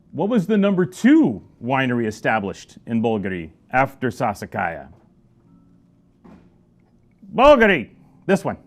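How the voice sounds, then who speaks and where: A middle-aged man giving a casual wine review, animated and joking, with sudden loud exclamations. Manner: animated, joking, exclaims loudly, swings pitch and volume. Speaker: wine shop presenter.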